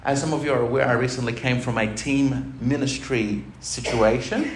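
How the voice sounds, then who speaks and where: A man's voice: medium pitch, steady tone, normal speed. Chatty man preaching in church. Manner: chatty, jokey preaching with laughs. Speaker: pastor. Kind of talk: sermon. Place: church hall. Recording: roomy church recording with faint noise.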